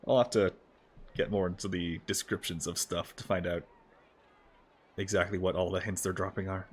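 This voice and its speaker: A man's voice: sits low, little pitch movement, normal speed, a little hiss or hum. A man streaming a video game as a VTuber, commenting casually in a joking, offhand way with some swearing. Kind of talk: casual gameplay livestream commentary.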